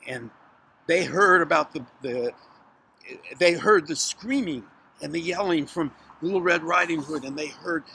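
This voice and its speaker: A man telling a children's story aloud in an animated way, with restarts and dramatic pauses. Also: a little high, vocal fry, slightly rough.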